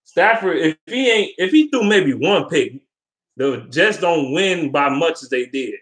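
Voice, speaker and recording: A man's voice: fairly high pitch, lively intonation, unhurried, a bit bright. Heated, profane young man ranting. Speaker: sports fan vlogger. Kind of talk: casual sports rant.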